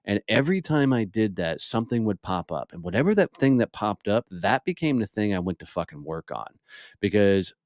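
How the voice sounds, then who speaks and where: A lowish-voiced man in his forties recounts his past in a raw, unfiltered way, swearing freely and acting out his own inner voice. The sound is dry and close, with no room around it. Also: fairly quick, dry recording. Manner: blunt, profane, animated storyteller. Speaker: podcast guest. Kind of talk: candid storytelling interview.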